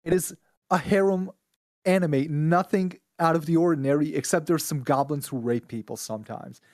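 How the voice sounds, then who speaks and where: Man from Israel, slightly high voice, blunt profane ranting, dry close mic, podcast guest. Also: normal speed, a little mellow, dry recording. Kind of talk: casual podcast chat.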